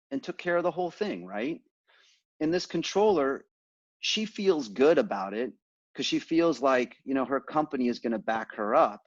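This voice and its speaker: A man being interviewed, telling stories in a relaxed way and acting out the exchanges he quotes. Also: mid-range voice, no room sound, muffled recording. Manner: animated, acts out quoted exchanges. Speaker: multifamily investor guest. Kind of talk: conversational interview storytelling.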